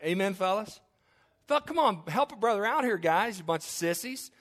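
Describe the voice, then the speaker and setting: Man, pastor, mid-life; folksy sermon, jokes and restarts, pitched high. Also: expressive, normal speed, a bit bright. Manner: folksy, joking asides, repeats himself.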